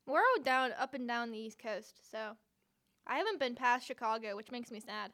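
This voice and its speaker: High-voiced chatty young woman. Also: lively intonation, normal speed, a bit bright. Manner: chatty, giggly. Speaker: host. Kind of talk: casual group chat.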